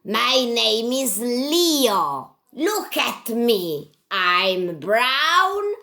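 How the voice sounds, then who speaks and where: A proud little lion puppet as a woman puts him on, speaking slowly in short, clear sentences. The voice is bright, with a lively rise and fall meant for young children. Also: a little high, heavily acted. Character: bold male lion puppet.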